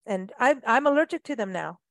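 A woman's voice: fairly high pitch, expressive, brisk, gravelly, no echo. A woman co-hosting a radio talk show, chatting in a rambling way and laughing easily. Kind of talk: casual radio chat.

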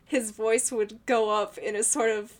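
A woman's voice: on the high side, level tone, a little slow. A woman co-hosting a podcast, chatting casually in a rambling, giggly way with many restarts. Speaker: podcast co-host. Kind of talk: casual chat.

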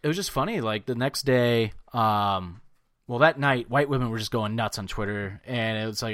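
A man's voice: medium pitch, normal speed, dry recording, studio quality. A man co-hosting a podcast in casual chat, swearing often and now and then mocking people in put-on voices. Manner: loud, crude, swearing, breaks into mocking voices. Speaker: podcast co-host.

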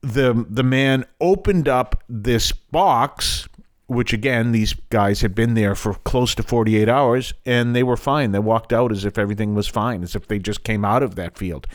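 A man's voice: mid-range voice, a little slow. Earnest older man reflecting on scripture. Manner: earnest, explanatory with frequent asides. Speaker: radio program host.

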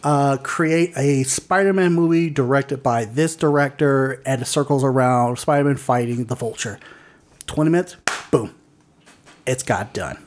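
A man's voice: mid-range voice, a little slow. A man co-hosting a casual podcast, reading news items aloud with lots of fillers and stumbles. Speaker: podcast co-host.

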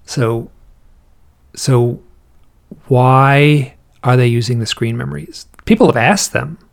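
A man's voice: medium pitch, takes it slowly, creaky. A man talking as an interview guest, thinking aloud and telling stories in a casual, musing way. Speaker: interview guest, researcher of alien encounter accounts.

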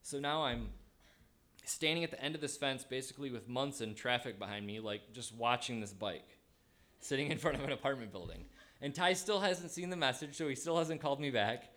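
A man telling a personal story in a casual, animated way, acting out his own thoughts as he goes. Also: medium pitch, fairly quick.

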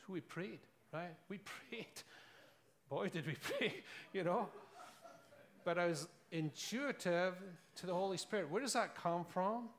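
Scottish male preacher, earnest storyteller, slightly higher voice. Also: lively intonation, takes it slowly. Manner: earnest, storytelling, with rhetorical questions and laughs. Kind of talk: sermon.

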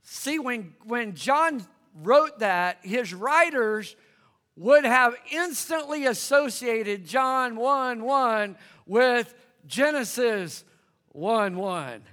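A male pastor preaches in a church hall full of congregants and long reverb, talking conversationally and calling for their responses. His very high-pitched voice is sharp in tone and animated, yet his pace is extremely slow.

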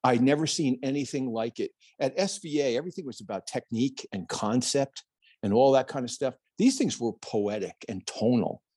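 A middle-aged plein air painter from New Jersey, United States, is a guest on a podcast, telling a story in a husky, slightly breathy mid-range voice. He's animated, acts out other people's voices, and speaks at a moderate pace in a dry, close recording.

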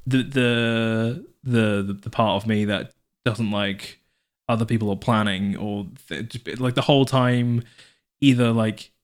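A man's voice: on the low side, fairly even intonation, a little slow. A man co-hosting a podcast in casual chat, rambling and restarting himself, animating anecdotes with put-on voices. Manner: rambling, self-correcting, lots of fillers and restarts. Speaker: podcast co-host.

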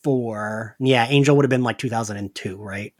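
A man's voice: mid-range voice, moderate pace. A man co-hosting a podcast in casual chat, rambling with lots of "like"s and frequent laughs. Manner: chatty, laughs often, rambling with many "like"s. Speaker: podcast co-host.

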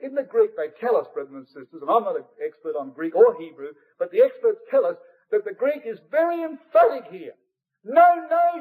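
Earnest high-voiced preacher on a tinny line. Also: male voice, husky. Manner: earnest, rises to emphatic peaks then drops to hushed asides. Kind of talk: Bible study sermon. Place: church hall.

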